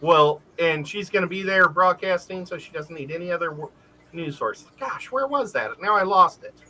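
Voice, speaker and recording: A man with a high, bright voice that swings widely as he tells stories. He chats on a live show in an animated way and laughs easily. Faint hiss sits underneath. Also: moderate pace, poor audio. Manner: animated storyteller who laughs often. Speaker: livestream co-host. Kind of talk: casual live-stream chat.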